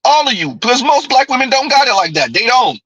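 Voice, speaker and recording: A man's voice: extremely high pitch, big pitch swings, fast talker, sharp tone, slightly rough, no room sound, highs cut off. A man hosting a reaction commentary, needling and rhetorical, often tossing in a teasing "huh?". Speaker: commentary channel host.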